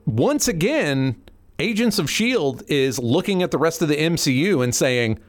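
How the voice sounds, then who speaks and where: A man's voice: fairly high pitch, animated, normal speed. A man co-hosting a podcast, chatting casually with wry, profane banter. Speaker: podcast co-host. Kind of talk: casual chat.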